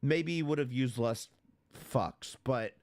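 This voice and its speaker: A man's voice: mid-range voice, slow, darkish tone. A man hosting a reaction commentary show, blunt and mocking, swearing often. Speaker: commentary host.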